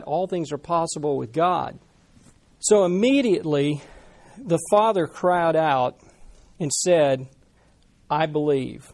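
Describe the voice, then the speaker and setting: A man preaching a sermon in a conversational, animated way, talking with the congregation. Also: on the high side. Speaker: pastor.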